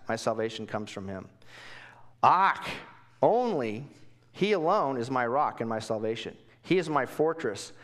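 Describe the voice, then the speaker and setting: A man preaching a Bible lesson in a casual, conversational way, asking questions and swinging from quiet asides to emphatic bursts. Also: medium pitch. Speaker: pastor. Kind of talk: Bible teaching sermon.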